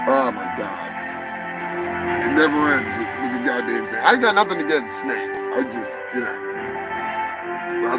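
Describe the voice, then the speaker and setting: A man hosting a crude live show, rambling and swearing, jumping from loud outbursts to mumbled asides. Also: medium pitch, rough recording. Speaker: show host. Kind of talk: crude live-stream rant. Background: music.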